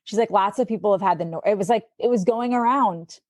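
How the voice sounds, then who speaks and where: A woman's voice: medium pitch, quick pace, no echo. Chatty woman telling a story. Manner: chatty, fills speech with "like"; animated, acts out quotes. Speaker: sports anchor guest. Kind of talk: casual storytelling.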